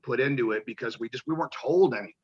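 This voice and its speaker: A man's voice: mid-range voice, rapid-fire, dull audio. A man, a pro wrestler, telling rambling, profane stories in a casual interview and acting out the voices of people he quotes.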